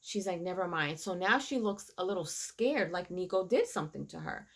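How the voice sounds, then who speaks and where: A woman giving a casual, animated recap of a TV episode, quoting the characters as she retells it. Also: on the low side, moderate pace. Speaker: reviewer.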